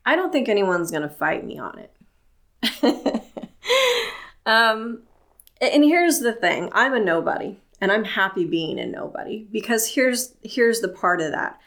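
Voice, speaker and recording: Woman podcast host, solo monologue, earnest and plain-spoken, slow delivery. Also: mid-range voice, sing-song, a bit bright.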